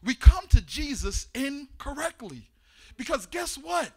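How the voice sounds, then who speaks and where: A man preaching a sermon, building to shouts in a chanting cadence, with casual slang. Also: very high-pitched, sing-song, a little slow.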